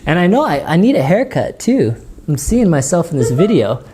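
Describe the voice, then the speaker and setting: A man's voice: a little high, big pitch swings, moderate pace, background noise. Rambling, giggly man at home. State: runny nose. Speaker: gear channel host. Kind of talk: casual rambling vlog. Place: dining room at home.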